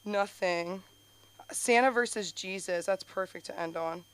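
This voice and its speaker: A young woman doing open-mic stand-up, rambling with lots of fillers and sudden high jumps in her voice. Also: unhurried. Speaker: stand-up comedian. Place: comedy club stage.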